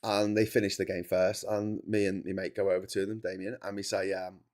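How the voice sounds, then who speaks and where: A man's voice: sits low, little pitch movement, a little fast, darkish tone. A man hosting a livestream, telling a long, rambling travel anecdote in a chatty, digressive way. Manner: chatty storyteller, digressive, stops to chat while eating. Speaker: livestream host.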